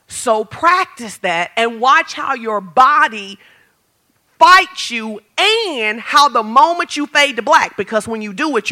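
High, bright-voiced woman preacher. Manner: animated, humorous, builds to shouts. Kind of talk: sermon.

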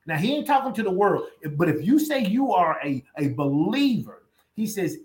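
High-voiced emphatic male pastor. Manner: emphatic, repeating lines for weight. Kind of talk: conversational sermon.

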